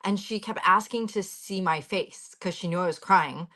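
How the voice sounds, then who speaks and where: A woman's voice: fairly low pitch, moderate pace, pushed and bright. A woman in her thirties, a guest on a talk show, telling a personal account bluntly, with swearing and heated urgency over a video call.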